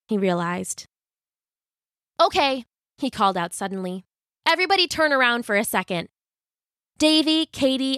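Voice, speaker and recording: A woman narrating a children's story in a gentle, expressive way. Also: fairly high pitch, no room sound, studio quality.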